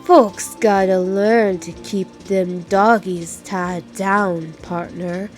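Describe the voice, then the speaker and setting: A woman voicing a swaggering cowboy-style male detective, reading game dialogue aloud in a put-on Southern drawl, slow and folksy. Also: medium pitch, fairly even intonation, soft background music. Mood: smug drawl.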